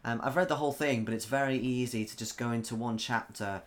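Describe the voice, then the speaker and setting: Co-hosting a laid-back podcast about tabletop games, this game master speaks fast in a steady, mid-range voice. His talk wanders, he keeps restarting and self-correcting, and he reads out comments from chat.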